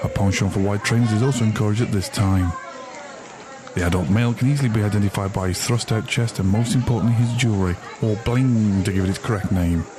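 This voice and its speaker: A man's voice: on the low side, noisy background. An English man narrating a mock wildlife documentary in a dry, mock-serious way. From England. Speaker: comedy podcast host. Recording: music behind the voice.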